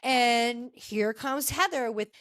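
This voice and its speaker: A woman's voice: on the high side, slow pace, a bit bright, dry recording. A woman hosting a podcast, chatting casually and with strong opinions as she recaps a reality TV episode. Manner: chatty and opinionated, talking straight to cast members. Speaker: podcast host.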